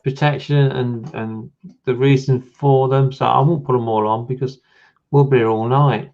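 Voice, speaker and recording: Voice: medium pitch, fairly even intonation, moderate pace, vocal fry, a little mellow, lo-fi sound. Host reading viewer comments. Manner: reads comments aloud, moves the chat along. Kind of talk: livestream hosting.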